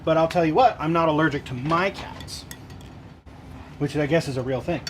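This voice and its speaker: A man's voice: fairly high pitch, normal speed, slight background noise, rough recording. A man, a guitar teacher streaming live from home, chatting casually and talking fondly to his cat between remarks to viewers. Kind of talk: casual livestream chat.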